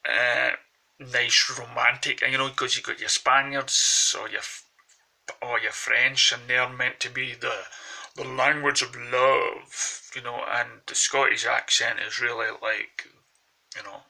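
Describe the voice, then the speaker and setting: A man's voice: medium pitch, flat delivery, measured pace, gravelly, pushed and bright, poor audio. A man with a Glaswegian accent, vlogging in a rambling, hesitant monologue into a phone held close.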